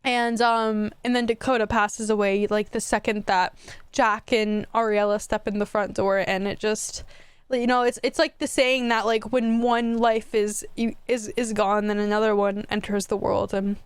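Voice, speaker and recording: A woman's voice: medium pitch, little pitch movement, normal speed, clear, resonant tone, dry recording. A young woman casually commenting on her gameplay, chatty and emotional, talking straight to her viewers. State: tearful, near crying. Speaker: gaming YouTuber.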